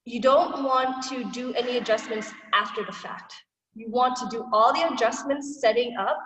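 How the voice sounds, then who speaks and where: A woman teaches grappling technique over a video call, relaxed and chatty, with lots of filler words and little acted-out quotes. She sounds distant from the microphone, and the room gives her voice a long, echoey tail. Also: fairly high pitch. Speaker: martial arts instructor. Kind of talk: online class instruction. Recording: roomy, echoey, far from the mic.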